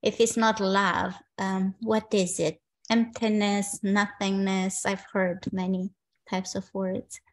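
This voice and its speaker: A woman's voice: medium pitch, little pitch movement, takes it slowly. Woman participant on a video call, probing and skeptical. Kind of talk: questioning in a spiritual conversation.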